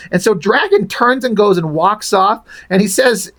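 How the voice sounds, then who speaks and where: A man's voice: sits high, very animated, moderate pace, few pauses, fairly bright tone. A man reviewing comic books in casual, rambling chat, frank and swearing freely.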